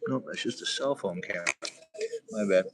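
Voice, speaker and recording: A man's voice: deep voice, brisk, far from the mic, poor audio. A middle-aged man rambling on a phone livestream, profane and sarcastic, jumping from one odd comparison to the next. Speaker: livestream host. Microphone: phone front camera. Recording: phone mic with crowd noise.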